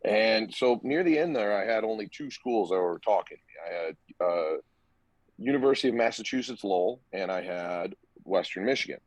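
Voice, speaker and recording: A man's voice: lowish voice, moderate pace, dry recording, lo-fi sound. A young man, a former college hockey player, chatting on a podcast and acting out the people in his stories. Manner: animated storyteller, acts out quotes. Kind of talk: casual podcast chat.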